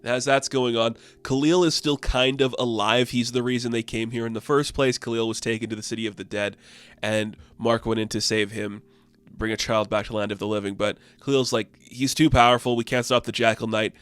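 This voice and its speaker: A man's voice: mid-range voice, fairly even intonation, a little fast, smooth, dry recording. A man casually reviewing a comic book in a rambling, offhand way, full of fillers.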